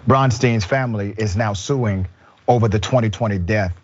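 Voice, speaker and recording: A man's voice: on the low side, moderate pace, lo-fi sound. A man hosting a political talk show, delivering emphatic commentary. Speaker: host.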